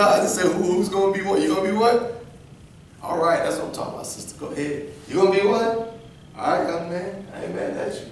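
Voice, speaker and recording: A man teaching an interactive Bible lesson to a class of kids at church. He quizzes the children and acts out little scenes as he goes. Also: medium pitch. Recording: very echoey room, distant camera, faint background noise.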